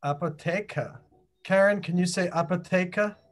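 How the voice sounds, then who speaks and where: Host on a video call, playful and chatty, keeps tossing questions to the group, mid-pitched voice. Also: expressive, normal speed. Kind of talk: casual group chat.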